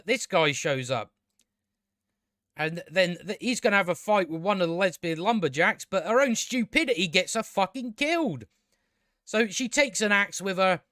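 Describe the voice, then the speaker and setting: A man's voice: sits high, bright, forceful tone, dry recording, studio quality. A man casually reviewing a show, exasperated and sweary, rambling with many restarts.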